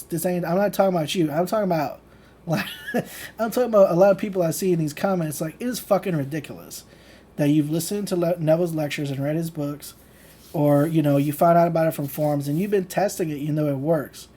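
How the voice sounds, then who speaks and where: A host ranting casually on a livestream, with a soft, mellow, unpolished sound. The delivery is blunt and profane, padded with "like" and "you know," and the speaker keeps hammering the same point. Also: medium pitch, fast. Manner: loose and conversational, full of "like" fillers; laughs between points. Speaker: channel host teaching manifestation.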